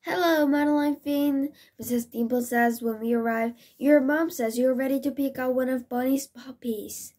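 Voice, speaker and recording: A young woman with a somewhat high voice reads a children's picture book aloud. She reads expressively, fixing small slips as she goes. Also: steady tone, normal speed, few pauses, warm tone. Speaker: storybook reader.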